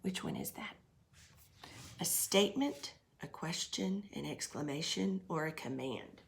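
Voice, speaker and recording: A middle-aged woman teaching a grammar lesson to young children, patient and explaining slowly with examples and questions. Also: sits low, animated, creaky.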